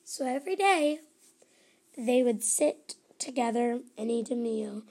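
A woman narrating children's stories with a high, bright pitch and a slow, unhurried pace. Her delivery is animated and sing-song, as if reading to young listeners. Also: creaky. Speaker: storyteller host.

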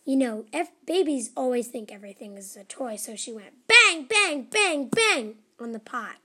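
High-voiced sing-song woman storyteller. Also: brisk, darkish tone, breathy edge. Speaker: storyteller host. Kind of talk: children's story narration.

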